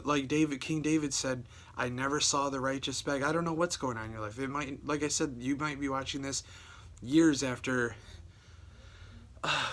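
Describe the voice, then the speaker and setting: A man's voice: mid-range voice, fairly bright tone. A man giving a casual video sermon. He reads scripture aloud, then talks in a loose, conversational way, often repeating words and adding "right?" and "you know". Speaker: preacher.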